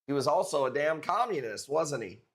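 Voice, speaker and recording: Brash, lively-voiced male streamer. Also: fairly high pitch, moderate pace. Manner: profane, brash joking banter. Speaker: live streamer. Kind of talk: casual live-stream chat.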